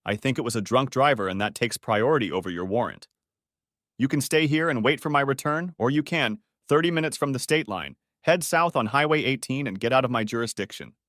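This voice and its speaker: A man's voice: medium pitch, a little fast, a bit bright, no echo, studio quality, close to an everyday voice. A man voicing a friendly, matter-of-fact police officer in an audiobook story. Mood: relaxed.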